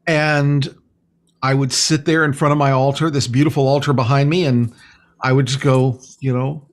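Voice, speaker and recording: A man's voice: mid-range voice, steady tone, a little fast. A man being interviewed as a spiritual healer. He talks in an earnest, rambling way and fills his sentences with "you know". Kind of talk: casual conversational interview.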